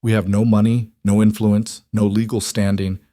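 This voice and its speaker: A worn-down rancher talks in a flat, beaten tone, played by the narrator himself. His voice stays low and close. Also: moderate pace, no room sound, natural voice. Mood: defeated. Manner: flat, defeated. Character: struggling rancher, defeated and raw.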